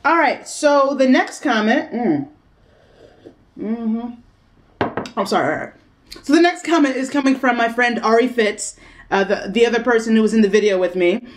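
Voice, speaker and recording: A woman's voice: fairly high pitch, moderate pace, long pauses. Brash, playful young woman vlogging. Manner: brash, profane and playful, laughs a lot. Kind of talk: casual vlog chat.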